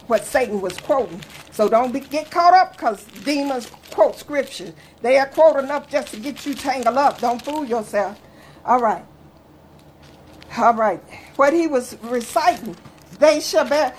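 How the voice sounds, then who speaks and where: High-voiced fervent woman pastor preaching. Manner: fervent preaching, reads scripture in King James wording, repeats phrases. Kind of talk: radio sermon.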